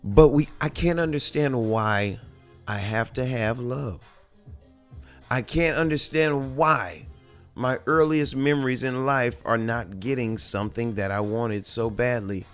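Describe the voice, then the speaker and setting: A man's voice: mid-range voice, unhurried, clean tone, faint music behind. A man and father, hosting a podcast, talking in a candid, profane, rambling monologue with many restarts. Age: adult with children. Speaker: podcast host.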